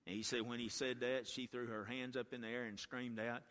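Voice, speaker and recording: A man preaching a revival sermon as a guest speaker in a church, telling a story and building to impassioned shouts. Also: mid-range voice, flat delivery, brisk. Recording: long church reverb.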